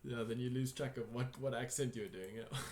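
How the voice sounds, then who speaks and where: A man's voice: medium pitch, moderate pace, a little mellow, echoey room, a little hiss or hum. A man narrating a tabletop game as game master, in a casual, rambling way with many fillers.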